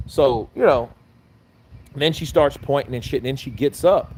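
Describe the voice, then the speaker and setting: A man's voice: medium pitch, moderate pace, a little mellow, slightly rough. A man telling a personal story in a casual, profane, rambling rant, full of restarts and quoted back-and-forth dialogue. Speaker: commentator.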